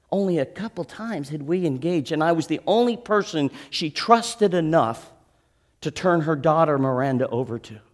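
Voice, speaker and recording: A middle-aged man, a pastor, preaching a sermon as earnest storytelling with dramatic pauses and some restarts. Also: fairly high pitch.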